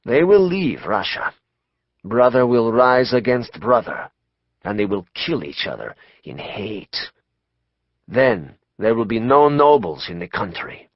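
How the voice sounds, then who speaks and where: A man narrating an audiobook voices a grave male mystic prophesying doom, slow and hushed. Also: medium pitch, sing-song, no echo, lo-fi sound. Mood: foreboding. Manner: slow, hushed, ominous delivery. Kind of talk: audiobook character voice.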